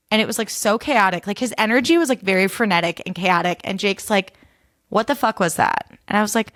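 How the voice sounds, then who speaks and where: A woman's voice: normal speed, no room sound, clean studio sound. A young American woman hosting a podcast, telling a story casually and acting out other people's lines with big jumps in her voice. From United States. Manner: animated, acts out voices with big pitch jumps, heavy use of "like". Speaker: podcast host.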